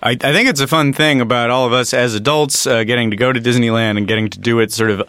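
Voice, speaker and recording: A man's voice: medium pitch, fairly even intonation, fast, fairly bright tone, clear, resonant tone, dry recording. A man co-hosting a podcast, telling a family story in casual chat and laughing through it. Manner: laughs while telling stories, loose and joking. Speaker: podcast co-host.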